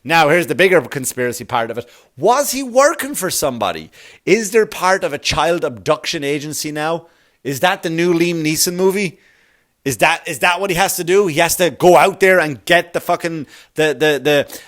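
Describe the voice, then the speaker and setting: A middle-aged man, a comedian hosting his podcast, rambling through a comic monologue full of swearing and quick put-on voices. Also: on the high side. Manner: swearing, animated, jumps into quick voices for bits.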